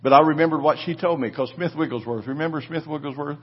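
A man's voice: on the high side, fast talker, breathy edge, highs cut off. A man preaching a sermon, telling a personal story with fervent, repetitive delivery and calls for the congregation to respond. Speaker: pastor.

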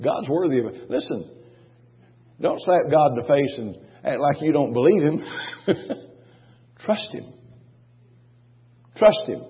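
A husky male pastor delivers an emphatic sermon. He repeats lines for weight and throws rhetorical questions to the congregation. The sound is dull and muffled, with a long church-hall echo trailing each phrase. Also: a little high, expressive, a little slow, pauses often.

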